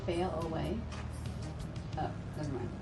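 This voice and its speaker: A woman's voice: low voice, a little slow, over loud music. A woman chatting casually and playfully on her husband's stream. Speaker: co-host, streamer's wife. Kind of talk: casual chat.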